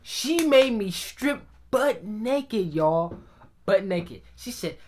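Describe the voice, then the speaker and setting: A man's voice: sits high, animated, slow, background noise. A young man telling a personal story to his viewers. He talks casually and animatedly, calling out to the audience often. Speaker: vlogger.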